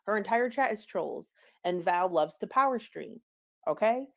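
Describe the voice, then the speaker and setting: A woman's voice: medium pitch, animated, normal speed, gravelly, fairly bright tone. A woman giving casual, gossipy commentary on online drama. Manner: chatty, gossipy, laughs at own stumbles. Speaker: commentary streamer.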